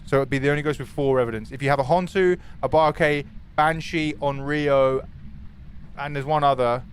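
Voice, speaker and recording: A young man streaming a horror game, talking to his chat in an excitable, swearing manner. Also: medium pitch, slight background noise. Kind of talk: live gaming stream commentary.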